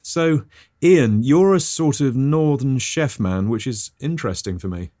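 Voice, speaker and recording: A man's voice: mid-range voice, lively intonation, a little slow, dark tone, no room sound, clean studio sound. A man hosting a comic podcast, talking in a chirpy, eager and over-apologetic way. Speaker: podcast host. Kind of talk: comic scripted host patter.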